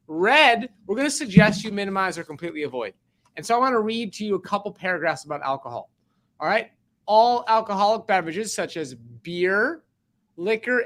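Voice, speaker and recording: A man co-hosting a casual video chat, speaking in a measured, slightly hesitant way. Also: high-pitched, a bit bright. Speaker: co-host. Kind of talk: casual chat and reading aloud.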